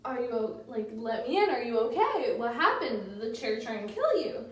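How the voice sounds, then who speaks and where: A woman's voice: a little high, very animated, moderate pace. A woman doing a flustered pleading lady. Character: desperate pleading woman owner of a chair. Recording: echoey room, distant mic.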